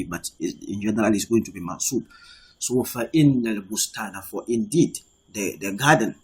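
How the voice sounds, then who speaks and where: A male Arabic teacher giving an online lesson, reading Arabic text aloud and explaining it in English. His voice sits a little low and sounds strongly husky. He checks in with "okay" as he goes.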